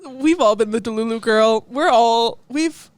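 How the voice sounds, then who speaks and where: A woman co-hosting a podcast chats casually, giggling a lot and wandering into rambling asides. Her voice is on the high side, her pace measured, with no echo.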